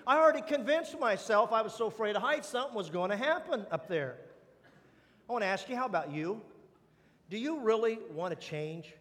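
A man's voice: high-pitched, animated, fairly quick, fairly bright tone. A man, a pastor, preaching a sermon and telling a humorous, self-deprecating personal story. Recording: long hall reverb.

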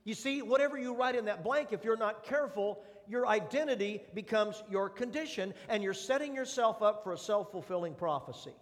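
A man's voice: high-pitched, a little fast, few pauses. A man, a pastor, preaching a sermon and telling a humorous, self-deprecating personal story. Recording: long hall reverb.

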